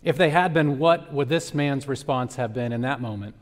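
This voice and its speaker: A man preaches from the pulpit in a measured, reflective way. His mid-range voice carries a long church-hall reverb behind every phrase. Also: mid-range voice. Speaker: pastor. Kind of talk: sermon. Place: church sanctuary.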